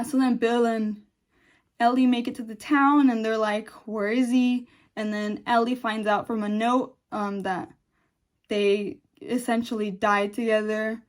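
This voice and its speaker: A young woman vlogger chatting casually and emotionally about a TV episode, rambling with many fillers and restarts, close to tears. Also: a little high. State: on the verge of tears. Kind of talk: casual chat.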